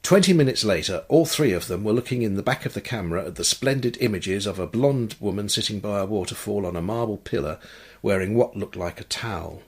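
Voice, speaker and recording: A man narrating an audiobook story in a calm, measured manner. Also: lowish voice, breathy edge. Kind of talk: scripted narration.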